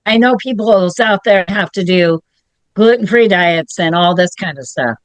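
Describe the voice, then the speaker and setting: A woman's voice: on the low side, normal speed, no room sound. A middle-aged woman as a guest in a casual podcast chat, easygoing and musing aloud.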